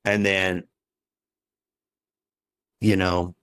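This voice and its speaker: A man's voice: sits low, flat delivery, extremely slow, fairly bright tone, clean tone, no room sound. A man as a podcast guest, telling his personal story in a raw, emotional way and swearing heavily.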